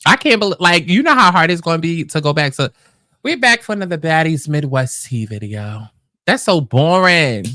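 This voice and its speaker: A woman's voice: low voice, sing-song, normal speed, fairly bright tone, dry recording. A woman hosting a casual reaction commentary, talking in a chatty, rambling way into a close mic. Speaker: host. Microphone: close podcast mic.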